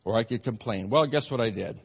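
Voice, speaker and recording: Preaching pastor in a reverberant hall. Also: male voice, mid-range voice, a little fast, creaky, breathy edge. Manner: preaching, swings from shouted peaks to soft asides. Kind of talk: sermon.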